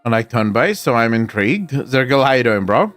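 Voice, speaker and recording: A man's voice: medium pitch, sing-song, fairly quick, fairly bright tone, soft background music. A man streaming live, reading viewer comments aloud and answering them in casual chat.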